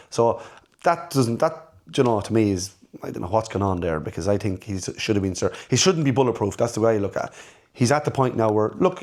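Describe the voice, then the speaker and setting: A man's voice: on the low side, a little mellow. A middle-aged man, hosting a casual football fan reaction and talking frankly, repeating words as he rambles through his thoughts. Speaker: football fan channel host.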